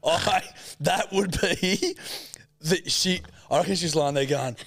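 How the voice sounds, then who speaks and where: A man's voice: a little high, slow pace, creaky, fairly bright tone. A young man co-hosting a casual podcast, joking and swearing freely in crude banter. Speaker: podcast co-host. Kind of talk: casual chat.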